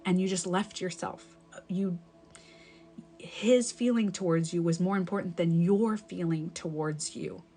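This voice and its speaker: Woman on a live stream, lowish voice, chatty encouraging coach, faint music in the background. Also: measured pace, mellow. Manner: casual, repetitive, encouraging coaching talk. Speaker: breakup and self-love coach. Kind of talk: live-stream talk to viewers.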